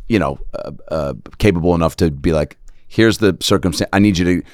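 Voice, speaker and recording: A man's voice: deep voice, fairly quick, no room sound, clean studio sound. A man hosting a casual interview, reacting eagerly and swearing freely.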